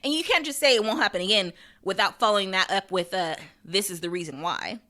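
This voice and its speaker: A woman hosting a TV recap podcast, talking in a casual, animated and blunt way, swearing and laughing often. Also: medium pitch, fast. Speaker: podcast host recapping a TV episode.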